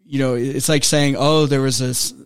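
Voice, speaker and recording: A man's voice: medium pitch, steady tone, moderate pace, clean tone, no echo. A man talking casually as a podcast co-host, his mid-range voice recorded close and dry. He rambles, circles back and restarts his sentences, leaning on fillers as he thinks aloud. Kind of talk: casual chat.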